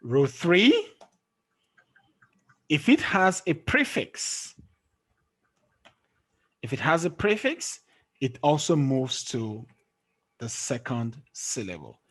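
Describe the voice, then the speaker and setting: A man teaching a classroom lesson, explaining slowly and quizzing his students as he goes. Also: medium pitch, very animated, a bit bright, husky. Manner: slow, drawn-out explaining with questions to students. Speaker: English teacher.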